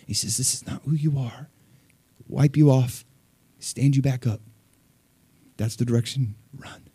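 A man preaching a sermon, conversational with fillers and small laughs, rising to loud peaks and dropping to hushed asides. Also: medium pitch, steady tone, unhurried, slightly rough, dry recording. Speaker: pastor.

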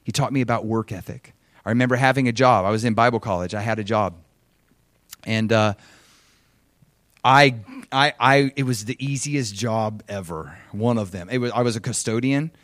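A man preaching a sermon, telling a personal story with animated swings between loud emphasis and soft asides, often chuckling. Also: lowish voice, normal speed, dry recording, studio quality.

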